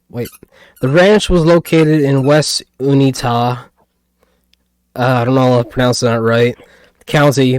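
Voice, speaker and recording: A man's voice: mid-range voice, a little mellow, clear, resonant tone, no room sound. Guy on a podcast telling a spooky story, lots of ums and likes, dry close mic. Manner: rambling, hesitant with many fillers and restarts. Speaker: podcast co-host. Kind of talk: casual podcast chat.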